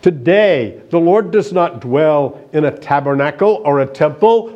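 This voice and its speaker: A man's voice: a little high, animated, measured pace, dark tone, highs cut off. A man preaching a sermon, emphatic and asking the congregation rhetorical questions.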